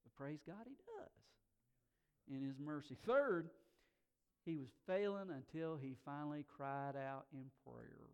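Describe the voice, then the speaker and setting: Animated high-voiced male preacher. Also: a little slow, smooth, lo-fi sound. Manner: animated, swings from soft asides to loud emphatic bursts; conversational, folksy fillers. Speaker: pastor. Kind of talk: sermon.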